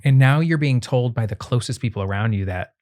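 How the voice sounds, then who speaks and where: Host: a man in his forties, earnest and tender, gently probing with questions. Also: medium pitch, a little fast. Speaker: podcast host interviewing his husband. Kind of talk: heartfelt podcast conversation.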